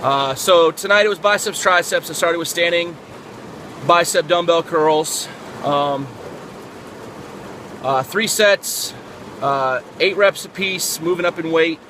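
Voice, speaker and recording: A man's voice: on the high side, a bit bright, slight background noise. A man explaining workout technique in a casual fitness vlog, talking step by step with lots of fillers and restarts. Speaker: fitness vlogger.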